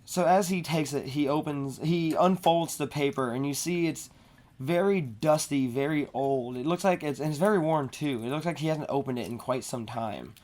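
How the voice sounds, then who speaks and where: A woman's voice: sits low, normal speed, darkish tone. A woman narrating a tabletop game as game master, with a scratchy throat and a hesitant delivery full of fillers. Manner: hesitant, many fillers and restarts.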